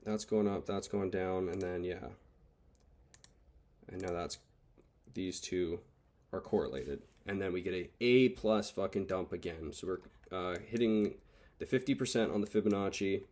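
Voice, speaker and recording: A man's voice: sits low, measured pace, darkish tone. A man recapping his day trades over charts, frustrated and swearing as he thinks aloud. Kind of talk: casual screen-recorded trade recap.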